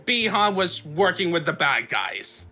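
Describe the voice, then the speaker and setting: A man hosts a casual podcast, recapping a story in a loose, rambling way full of fillers and restarts. His voice sits a little high and sounds forceful. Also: big pitch swings, measured pace, vocal fry, soft background music. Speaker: podcast host.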